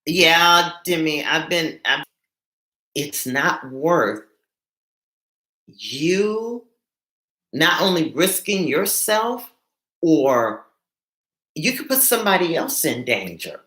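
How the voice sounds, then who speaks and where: A nurse hosting a live stream from home, speaking earnestly and stumbling over repeated words when upset. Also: female voice, low voice, very animated, takes it slowly, pauses often, a bit bright, reverberant. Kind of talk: emotional live-stream talk to viewers.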